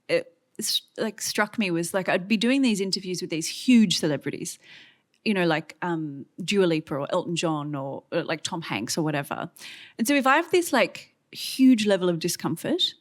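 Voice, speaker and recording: A woman in her thirties with an Australian accent, a guest on stage telling a story in lively, chatty fashion with many fillers and acted-out quotes. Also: lowish voice. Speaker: guest author. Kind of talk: on-stage conversation. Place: stage event before an audience.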